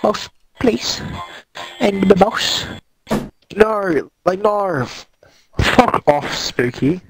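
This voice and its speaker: A man's voice: high-pitched, expressive, extremely slow, a bit bright, husky, dry recording, faint music behind, low-quality recording. A man with an Australian accent, swearing and joking his way through a casual gaming voice chat with friends over a headset mic. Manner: crude, swearing, joking, rambling. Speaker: gamer chatting with friends.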